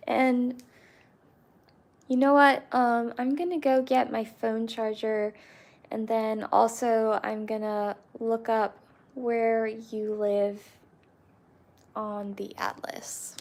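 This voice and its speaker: A woman chatting casually with her livestream viewers, halting and soft-spoken with many fillers and restarts. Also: on the high side, flat delivery. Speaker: livestream host.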